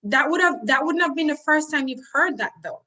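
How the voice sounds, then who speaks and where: A woman's voice: high-pitched, animated, fairly quick, bright, forceful tone. A woman hosting a casual interview, encouraging her guest with short replies. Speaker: host.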